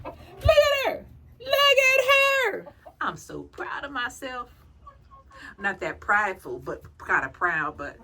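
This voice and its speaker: A woman with a medium-pitched voice records a relaxed outdoor vlog at her backyard chicken coop, talking to her hens as though they were children and teasing them playfully. A faint hiss or hum runs under the audio.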